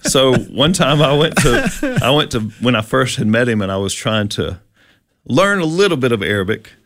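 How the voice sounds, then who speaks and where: A man's voice: mid-range voice, very animated, moderate pace, a bit bright, no room sound. Male co-host, conversational Bible teacher, dry close sound, loose and explanatory delivery. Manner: explanatory, with many fillers and restarts. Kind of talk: casual Bible teaching chat.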